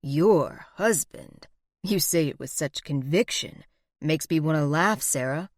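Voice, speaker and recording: A woman voicing a manipulative, smooth-talking villainous man in low, soft, menacing tones. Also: expressive, a little slow, no room sound, clean studio sound.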